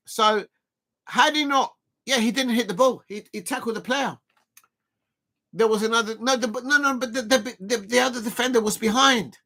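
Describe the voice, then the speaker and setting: Male watch-along host, bright and forward, chatty, erupts into shouts on big plays. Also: very high voice. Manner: chatty and excitable, breaks into shouting at big moments; exercising between remarks, counting out reps. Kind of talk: casual live football watch-along commentary.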